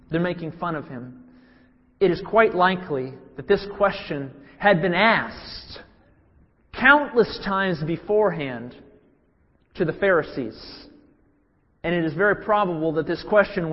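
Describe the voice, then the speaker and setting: A man preaching a sermon who repeats key phrases for emphasis and poses questions straight to his listeners. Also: a little high. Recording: dull lo-fi with long hall reverb.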